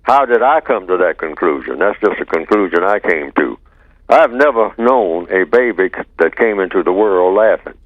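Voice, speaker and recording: Older man talking slowly on a tinny line. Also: sits low, expressive, no echo. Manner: slow, deliberate, rhetorical questioning. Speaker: radio talk show host. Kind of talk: answering listener email on talk radio. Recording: tinny phone-line sound.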